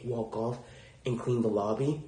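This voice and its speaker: A man quoting a calm, kind male team lead at work in a soft, reassuring tone. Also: medium pitch, unhurried, close to an everyday voice. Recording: roomy echo.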